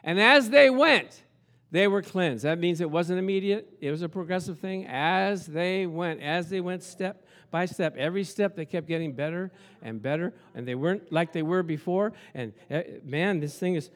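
A male pastor preaching a sermon, animated and storytelling, at times shouting. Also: high-pitched, normal speed.

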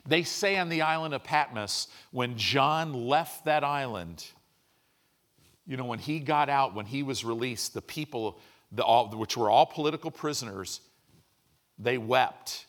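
A man's voice: mid-range voice, unhurried, fairly bright tone. Man, pastor, sermon, questioning congregation, emphatic rises, middle-aged. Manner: preaching with questions to the congregation, rising to emphatic peaks.

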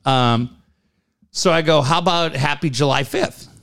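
A man's voice: on the high side, measured pace, fairly bright tone, smooth. A man in his forties telling a long family story in casual chat, laughing often and repeating "I go".

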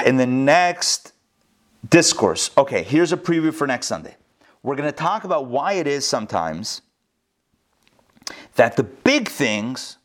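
A rabbi teaching a live class, talking animatedly and often turning to his listeners with rhetorical questions. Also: mid-range voice. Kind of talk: live Torah lesson. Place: recorded live at a school.

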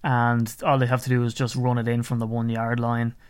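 A man co-hosting a casual sports podcast, rambling and animated as he goes off on tangents. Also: mid-range voice, a little fast, clear, resonant tone, no echo. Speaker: podcast co-host.

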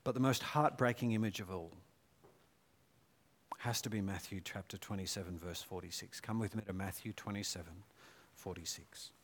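A man preaching a sermon, moving between hushed, slow passages and raised, intense scripture readings. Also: sits low.

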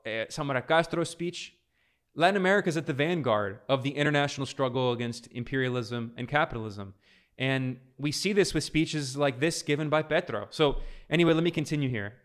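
A man's voice: mid-range voice, clear, resonant tone. A man hosting a political commentary video, reading out a speech and explaining it, emphatic and repeating key phrases for stress.

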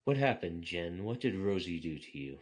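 An earnest male dog hero offers comfort in a lowish, deadpan voice, read by a man. He trips over his lines in this comedic story reading. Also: moderate pace.

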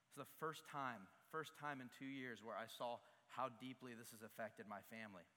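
A young man delivers a sermon in a bright, forceful voice that carries through a large church hall with a long reverb tail. He speaks in an earnest, confessional way and builds to emphatic peaks. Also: mid-range voice, moderate pace. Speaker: pastor.

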